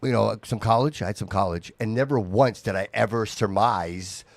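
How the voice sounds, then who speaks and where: A man's voice: fairly low pitch, moderate pace, vocal fry, no echo. A man hosting a casual podcast chat, emphatic and slangy in the way he talks. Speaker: podcast host.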